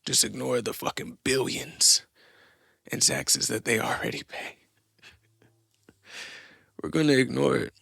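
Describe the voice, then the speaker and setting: Gravelly, blunt man ranting. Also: medium pitch, steady tone, measured pace, long pauses, a bit bright, no room sound, studio quality. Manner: blunt, profane, mocking rants. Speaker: podcast host. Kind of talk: opinionated solo monologue.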